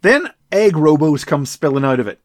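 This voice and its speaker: A man co-hosting a casual chat podcast, talking in a relaxed, wry way. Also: on the high side, moderate pace, no room sound, studio quality. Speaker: podcast co-host.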